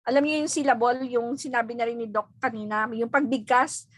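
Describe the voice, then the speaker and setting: A woman teacher with a Filipino accent, explaining grammar to an online class in a patient, halting way full of fillers and repeats. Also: on the high side, fairly even intonation, no room sound, low-quality recording. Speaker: English teacher. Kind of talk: online class lesson, mixing English and Filipino. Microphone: video call.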